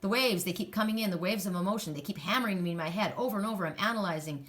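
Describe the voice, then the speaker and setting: A woman's voice: medium pitch, racing, few pauses, fairly bright tone. An older woman talks through an oracle card reading in a loose, chatty way. She rambles, stops to restart her sentences, and laughs now and then. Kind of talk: casual spiritual card reading.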